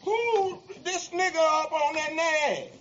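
A man's voice: very high-pitched, takes it slowly, fairly bright tone, full character voice. An actor playing a sly, scheming old male house servant who talks in a mocking, cackling drawl. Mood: scornful. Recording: muffled noisy film audio.

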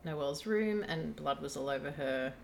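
A woman's voice: sits low, lively intonation, moderate pace, vocal fry, a little mellow, slight background noise. A woman co-hosting a casual podcast chat, rambling and restarting as she tells stories. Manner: rambling, restarts often, plain storytelling. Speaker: podcast co-host.

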